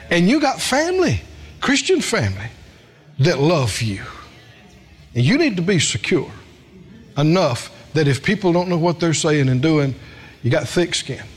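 A man's voice: fairly high pitch, breathy edge. A man preaching a sermon as pastor, folksy, calling on the congregation to respond.

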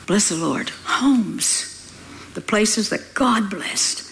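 Older woman preaching with lively exclamations. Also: fairly high pitch, slow, rough recording. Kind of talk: sermon.

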